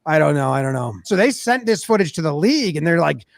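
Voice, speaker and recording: Animated man recapping a ballgame. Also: a little high, quick pace, vocal fry, dry recording, studio quality. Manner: animated storytelling, acts out players' voices. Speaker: sports commentator. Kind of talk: casual game recap.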